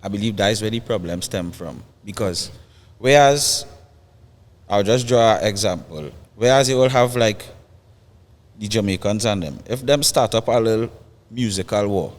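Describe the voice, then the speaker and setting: A man's voice: on the low side, normal speed, big-room sound. A man with a Trinidadian accent talking as a guest musician in a casual chat, emphatic and repeating phrases.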